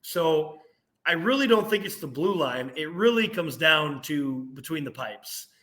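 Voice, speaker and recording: A young man co-hosting a casual sports podcast, ranting with animated energy and laughing at himself. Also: a little high, a little slow. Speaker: podcast co-host.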